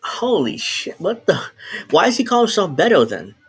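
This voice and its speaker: This man's high, husky, creaky voice swings widely in pitch at a normal speed. He's alone on a live stream at home in New Jersey, speaking unscripted, rambling and cutting himself off to restart, with occasional swearing and laughter.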